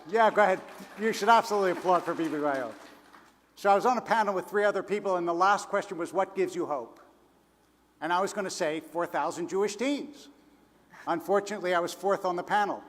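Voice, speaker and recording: Male panel speaker, fairly high voice, measured anecdotal delivery, long hall reverb. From Philadelphia, United States. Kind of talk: public address at a conference.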